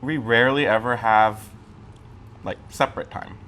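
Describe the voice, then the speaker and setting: A man's voice: mid-range voice, normal speed, slight background noise. A man co-hosting a casual mukbang chat at home, sassy and complaining as he eats. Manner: sassy, animated, complaining while eating. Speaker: co-host.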